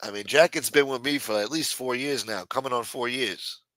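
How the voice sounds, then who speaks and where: A man livestreams to his chat, telling stories casually and with plenty of profanity, acting out the quotes as he goes. His mid-range voice is bright and forceful at a moderate pace, recorded with no echo.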